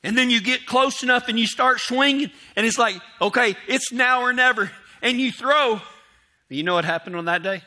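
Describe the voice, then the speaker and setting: A man's voice: very high voice, brisk, bright, forceful tone. A man telling rambling, self-mocking stories to an audience. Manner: rambling and self-mocking, acts out his inner voice in quotes. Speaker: storyteller speaking to an audience. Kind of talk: casual storytelling.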